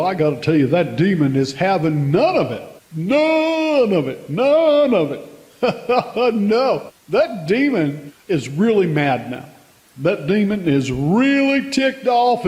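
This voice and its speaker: A man's voice: high voice, a little mellow, long reverb tail, poor audio. A man humorously retelling a horror film, rambling and breaking into giggles as he goes. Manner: rambling, giggly storytelling with many restarts. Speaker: comedic movie recapper.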